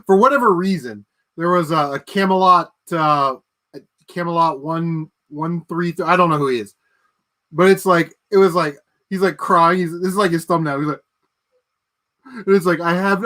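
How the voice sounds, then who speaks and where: Man, high voice, livestream host, casual chat, ranting, profane, laughs a lot. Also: a bit bright. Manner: ranting, profane, laughs at his own jokes.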